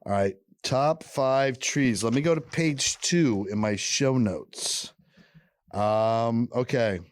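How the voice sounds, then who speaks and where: A man co-hosting a casual podcast, joking around and spinning animated bits. His voice sits in the middle range and is recorded dry and close on a headphone-and-mic setup, with no room around it. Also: mid-range voice, takes it slowly, no room sound. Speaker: podcast co-host. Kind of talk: casual chat.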